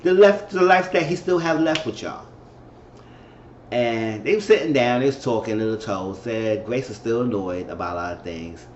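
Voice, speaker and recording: A man giving a casual, chatty recap of a TV episode, repeating himself as he goes and now and then acting out characters' lines in a high falsetto. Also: normal speed. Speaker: TV episode reviewer. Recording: muffled, roomy recording with faint hiss.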